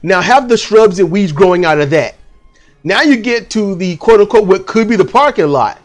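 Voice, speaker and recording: A man telling a story at home in a casual, animated way, swearing freely and acting out the people he quotes. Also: high voice, normal speed, soft background music. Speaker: channel host.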